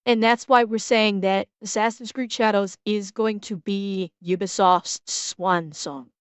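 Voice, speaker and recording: A woman's voice: medium pitch, dry recording. A young adult woman streaming a casual reaction, blunt and swearing freely, often restarting her sentences.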